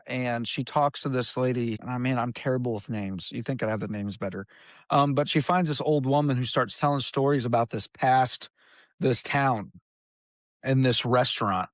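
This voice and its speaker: A man's voice: mid-range voice, no echo, clean studio sound. A man from Indiana co-hosting a podcast in casual chat, rambling and trailing off into restarts as he talks. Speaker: podcast co-host.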